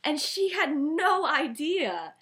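A woman's voice: sits high, very animated, slow, fairly bright tone. Chatty young woman retelling a story. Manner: chatty, heavy use of "like" and "he's like" quotes. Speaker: podcast co-host.

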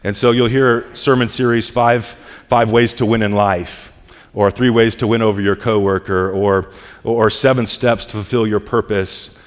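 A low-voiced man preaching to his congregation, his words ringing out with a long echo through a church hall. He speaks earnestly, restarting and repeating words as he builds toward loud climaxes. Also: fairly even intonation, normal speed. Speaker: pastor. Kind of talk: sermon.

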